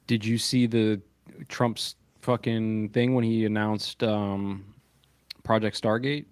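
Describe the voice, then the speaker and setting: A man's voice: lowish voice, slow, clear, resonant tone, no room sound. A man co-hosting a podcast, talking casually and with animation, swearing freely and telling stories. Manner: animated, profane, storytelling with quoted voices. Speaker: podcast co-host.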